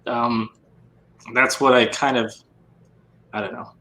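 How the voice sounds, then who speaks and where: A man with a bright, forceful tone talks things over at a measured pace, often restarting his sentences. His voice rings in an echoey room. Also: medium pitch, fairly even intonation. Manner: measured, thoughtful, halting restarts. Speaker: podcast host. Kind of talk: casual chat.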